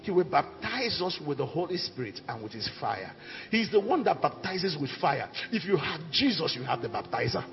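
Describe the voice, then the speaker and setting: A male pastor preaching a fiery sermon, dropping low and then shouting out declarations. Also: sing-song, moderate pace, vocal fry. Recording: echoey hall with dull sound and faint music.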